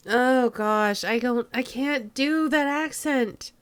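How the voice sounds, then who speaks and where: A woman's voice: sits high, slow pace, few pauses, clean tone. A young woman streaming a narrative game, reading every part aloud and laughing at her own attempts. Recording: dry room with faint music.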